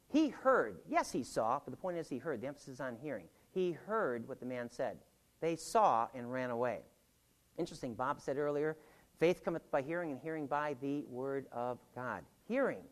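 A Bible teacher reading scripture aloud and explaining it, with joking asides and puns, who repeats key points for emphasis. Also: medium pitch.

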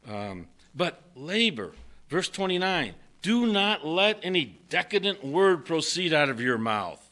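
An older male pastor preaches with a bright, animated voice that swings widely in pitch. He reads scripture and breaks into jokes along the way. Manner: lively, joking preacher reading verses. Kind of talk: sermon.

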